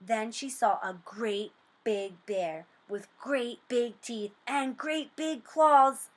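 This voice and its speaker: A woman reading a storybook aloud for children, slow, expressive and sing-song, then asking comprehension questions. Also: on the high side.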